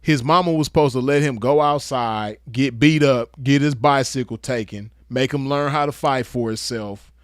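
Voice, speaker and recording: A man's voice: medium pitch, moderate pace, hardly any pauses, dry recording, clean studio sound. Crude, lecturing male commentator. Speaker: online commentator. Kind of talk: casual commentary rant.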